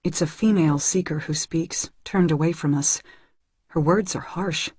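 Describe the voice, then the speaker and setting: A woman's voice: deep voice, moderate pace, darkish tone, breathy edge, no room sound. A woman reading a first-person novel aloud in an earnest way that rises when the story grows tense. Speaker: audiobook reader.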